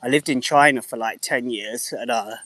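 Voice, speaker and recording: English guy in his thirties, mid-pitched voice, easygoing streamer patter with casual swearing. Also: normal speed, sharp tone. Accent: English, slightly mixed. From England. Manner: swears casually, chats to viewers by name. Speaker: livestreamer. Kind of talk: casual live-stream chat.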